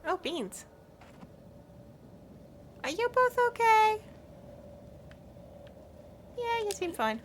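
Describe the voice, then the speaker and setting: A woman streaming a video game, chatting and commenting in a giggly way with bursts of high excited squeals. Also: very slow, long pauses, slight background noise.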